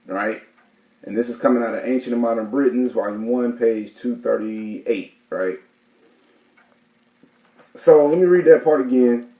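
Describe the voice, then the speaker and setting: A man's voice: mid-range voice, unhurried, pauses often, dark tone, roomy sound, rough recording. A man teaching a class, reading out dictionary definitions and explaining them with many fillers and restarts. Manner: hesitant, many fillers and self-corrections.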